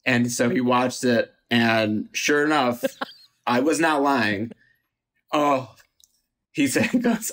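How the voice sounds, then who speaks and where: A man's voice: medium pitch, slow pace, long pauses, a bit bright. A man who is an actor and a guest on a podcast, telling a story with chuckles and a self-deprecating humor. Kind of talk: casual anecdote telling.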